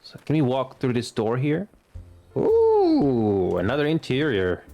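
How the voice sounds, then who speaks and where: A man in his late twenties giving casual gameplay commentary as a streamer. He talks in a halting way, stumbling over and restarting words. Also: medium pitch, wildly swooping pitch, dark tone, lo-fi sound, faint music behind. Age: late 20s.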